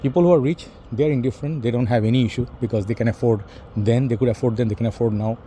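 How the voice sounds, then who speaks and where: Here a fragrance reviewer, a middle-aged man with a Bangladeshi English accent, chats loosely to camera, his talk full of "you know" and "bro." He speaks fast in a warm, medium-pitched voice, with a little hiss or hum in the recording.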